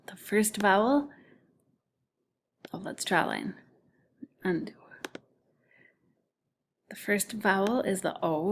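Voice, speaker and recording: A woman's voice: medium pitch, slow, pauses often, slight background noise. A woman teaching a recorded phonics lesson to second graders, patiently sounding out words syllable by syllable and often whispering letter names.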